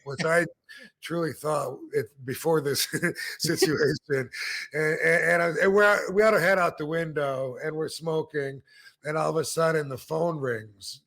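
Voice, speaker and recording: A man's voice: on the high side, measured pace, vocal fry, fairly bright tone. Laid-back man telling a rambling story. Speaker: podcast host. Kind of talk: casual storytelling.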